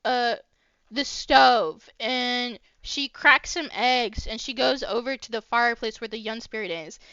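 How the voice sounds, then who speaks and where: A woman narrating as game master of a livestreamed tabletop game, unhurried and full of fillers. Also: fairly high pitch, bright, forceful tone, clear, resonant tone, dry recording. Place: home streaming setup. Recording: dull lo-fi stream mic.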